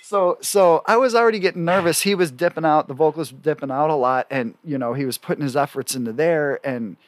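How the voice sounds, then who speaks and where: A man, a guest musician, telling a story in a casual, animated way, swearing freely and laughing often between his lines. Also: a little high, fast talker. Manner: animated, profane, laughs often, lots of fillers.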